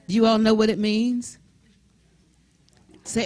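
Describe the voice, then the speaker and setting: An older woman leading a congregation in a call-and-response song, lively and chatty, coaxing everyone to join in. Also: a little high, slow pace, pauses often, some chatter behind. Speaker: song leader. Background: band music.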